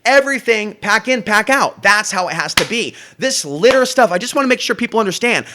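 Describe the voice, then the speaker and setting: A man's voice: high-pitched, animated, fast, few pauses, pushed and bright. A man hosting his own talk show, delivering a profane, confrontational solo rant. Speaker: show host.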